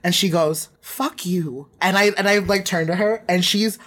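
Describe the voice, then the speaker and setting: A woman's voice: medium pitch, steady tone, fairly quick, fairly bright tone. A young woman co-hosting a podcast, chatting casually, laughing often and swearing freely. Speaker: podcast co-host.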